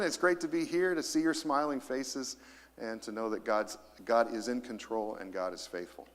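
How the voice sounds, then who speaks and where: Lively pastor in a reverberant hall. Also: male voice, medium pitch. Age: middle-aged. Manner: lively, rising to emphasis, calls for audience responses. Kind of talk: sermon. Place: church auditorium.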